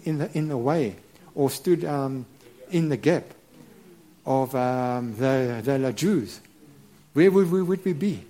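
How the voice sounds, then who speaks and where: Halting, stammering middle-aged male preacher. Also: on the high side, mellow. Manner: halting, many repeated words and restarts; earnest and reverent. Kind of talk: sermon.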